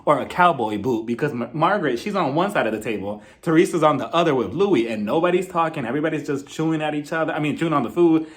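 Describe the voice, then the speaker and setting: A man giving a casual reality TV recap, animated, laughing often and mimicking the people he describes. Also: on the high side, fast talker, hardly any pauses. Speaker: reality TV reviewer. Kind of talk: casual commentary.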